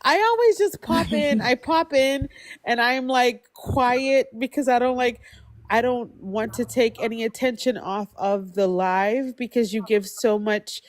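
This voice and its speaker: A woman's voice: on the high side, a little slow. A woman speaking up on a live stream, emotional and grateful, rambling with many restarts. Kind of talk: heartfelt casual chat.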